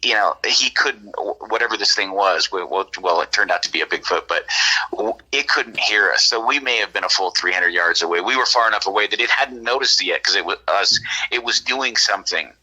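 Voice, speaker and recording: A man's voice: fairly low pitch, brisk, bright, forceful tone, rough recording. A man from California telling a long story in a casual, rambling way, full of restarts and "right?" checks. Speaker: podcast guest.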